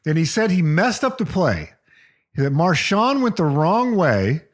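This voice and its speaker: A man with a slightly high, very lively voice leads a casual chat, telling football stories with energy. He jumps into quoted lines as he narrates, and his pitch swings widely. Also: measured pace. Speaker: podcast co-host.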